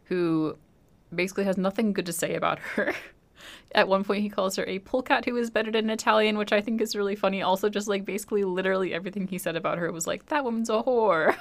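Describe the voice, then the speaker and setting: A young woman co-hosting a podcast chats casually about a film in a thoughtful, analytical way. Her mid-range voice is steady in tone with vocal fry, and she talks fast.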